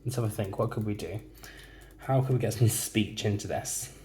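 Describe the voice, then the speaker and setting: A male teacher typing out a model story as he speaks, reading each word and punctuation mark aloud in a slow, deliberate way. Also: lowish voice, a little mellow, slight background noise.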